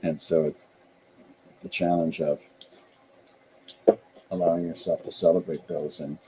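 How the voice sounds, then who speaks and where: Deep-voiced middle-aged man chatting. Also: level tone, measured pace, mellow, a little hiss or hum, low-quality recording. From Canada. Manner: rambling, thinking aloud with frequent restarts. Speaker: podcast host and author. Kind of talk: casual podcast chat.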